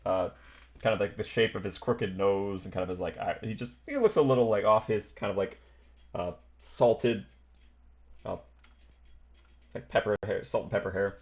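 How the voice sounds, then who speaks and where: A man's voice: lowish voice, normal speed, pauses often. A man narrating as game master for a tabletop game, rambling and stringing his descriptions together with many fillers and hedges.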